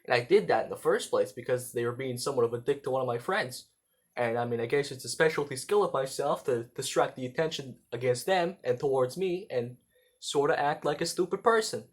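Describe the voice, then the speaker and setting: A young man talking casually into a camera from a room, rambling and halting with lots of fillers and the odd swear word. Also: medium pitch. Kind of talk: casual vlog monologue. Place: indoor room at home.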